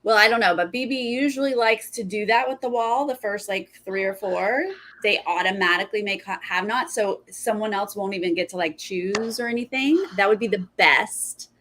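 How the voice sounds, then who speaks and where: A woman's voice: medium pitch, moderate pace, hardly any pauses, a bit bright. A woman hosting a casual recap chat, chatty and thanking viewers as she goes. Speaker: podcast host.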